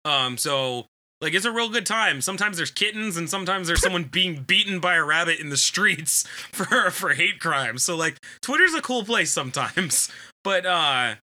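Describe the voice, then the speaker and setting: A man's voice: high-pitched, animated, normal speed, pushed and bright. A man from Wyoming co-hosting a comedy podcast, telling profane stories and laughing a lot. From Wyoming, USA. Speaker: podcast co-host. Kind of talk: casual comedy podcast chat.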